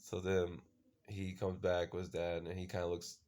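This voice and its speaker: A man's voice: deep voice, monotone, moderate pace, darkish tone. A man casually recapping a show episode, rambling with lots of fillers and the odd swear word. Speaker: show reviewer.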